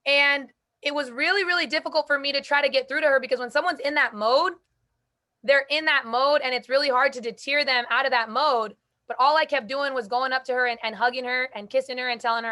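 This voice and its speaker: A young woman hosting a group call, giving an energetic, emphatic motivational talk with casual slang. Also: high voice, a little fast. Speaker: host speaking to a call group.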